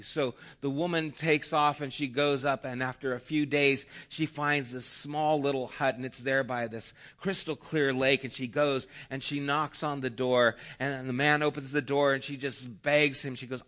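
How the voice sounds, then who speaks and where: A man preaching a sermon, telling a parable earnestly with shifting loudness. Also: medium pitch, fairly even intonation, moderate pace, few pauses. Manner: earnest, dynamic, varied loudness. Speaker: pastor. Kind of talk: sermon with storytelling.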